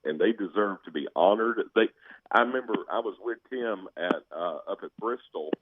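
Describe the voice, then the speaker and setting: A man calling in to a sports show, telling stories in a chatty, animated way over a phone line. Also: lowish voice, moderate pace, breathy edge. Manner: storytelling, animated, laughing. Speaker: caller, fan. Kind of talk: casual chat.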